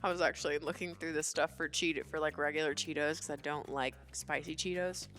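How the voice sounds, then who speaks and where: A woman's voice: low-pitched, fairly even intonation, brisk, fairly bright tone, faint music behind. A woman producer chatting casually and playfully on a podcast.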